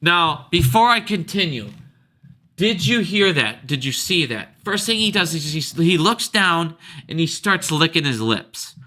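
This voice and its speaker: A man's voice: fairly high pitch, big pitch swings, unhurried, bright, forceful tone. A man giving profane, sarcastic commentary and mocking people in a rant. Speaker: video commentator. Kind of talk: ranting commentary.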